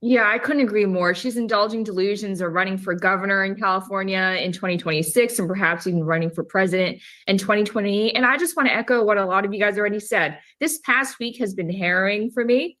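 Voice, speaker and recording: A woman's voice: mid-range voice, fast, few pauses, a bit bright. A woman speaking as a political fundraiser guest on a TV interview, indignant and emphatic.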